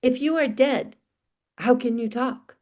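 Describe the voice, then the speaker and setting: Folk-tale figure: a pointed, sharp-tongued village wife, as a woman storyteller puts her on. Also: high voice, unhurried. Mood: skeptical.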